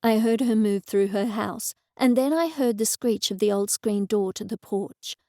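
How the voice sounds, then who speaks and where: A woman narrating a cozy mystery audiobook in the first person, with even, measured storytelling. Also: medium pitch, no room sound, clean studio sound.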